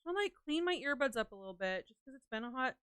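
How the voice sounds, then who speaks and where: A woman's voice: sits high, very animated, fast, a bit bright, smooth, dry recording, studio quality. A young woman livestreaming, chatting casually and playfully with her viewers in a rambling way. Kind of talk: casual chat with live viewers.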